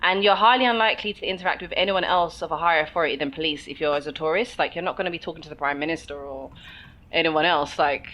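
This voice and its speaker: A woman's voice: low-pitched, quick pace, fairly bright tone. A woman with a London accent co-hosting a podcast, chatting casually and laughing often. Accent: London English. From England. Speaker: podcast co-host. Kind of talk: casual chat.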